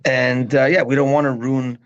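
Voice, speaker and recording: A man's voice: medium pitch, moderate pace. A man teaching a parenting class as a rabbi, talking casually and often checking in with his listeners. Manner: animated, keeps checking in with listeners. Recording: dull lo-fi sound.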